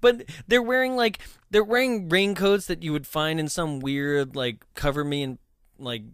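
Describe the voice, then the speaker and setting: A man's voice: a little high, normal speed, clear, resonant tone, no room sound, clean studio sound. A man co-hosting a casual movie chat, rambling with frequent laughs and tag questions. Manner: laughs often, rambling, lots of "right?". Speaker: podcast co-host.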